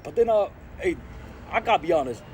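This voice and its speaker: A man's voice: high-pitched, lively intonation, fairly quick, slight background noise. A man from Sri Lanka vlogging outdoors in a rambling, casual monologue. He is full of slang and keeps saying "hey, dog" and "I gotta be honest.". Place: outdoors in an urban spot.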